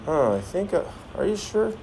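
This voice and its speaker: A man's voice: high-pitched, very animated, normal speed, a little mellow, slight background noise. Man teaching a class, asking questions. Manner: asks the class many questions, jokey. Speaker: science teacher. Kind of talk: classroom lecture with demonstration.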